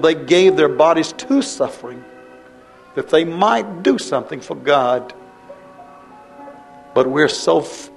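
A man preaching a fervent revival sermon, impassioned and pleading, his voice rising into high cries. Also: vocal fry.

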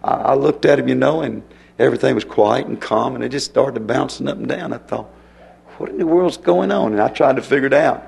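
Gravelly preacher. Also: male voice, mid-range voice, steady tone, fast talker, darkish tone. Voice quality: gravelly, husky voice. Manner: folksy storytelling preaching with sudden emphatic rises. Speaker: pastor. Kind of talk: sermon.

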